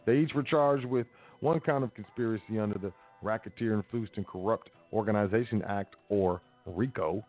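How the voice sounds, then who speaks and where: Sarcastic man on a tinny line. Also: fairly low pitch. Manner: sarcastic, loose street slang, reads news items aloud. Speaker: podcast host. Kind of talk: casual commentary on news.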